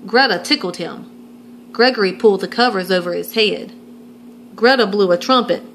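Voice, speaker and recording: A woman reading a children's picture book aloud, adding gentle asides for young listeners. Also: medium pitch, normal speed, a little hiss or hum, poor audio. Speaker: storytime reader.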